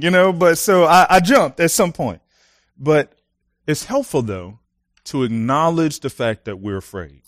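A young man preaching a sermon, casual and animated, telling personal stories with lots of fillers and laughs. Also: medium pitch, unhurried, no echo, studio quality.

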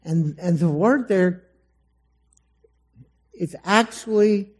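Slow, dark-voiced male preacher. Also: high voice, lively intonation, slightly rough. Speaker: pastor. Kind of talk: sermon. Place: church hall before a congregation.

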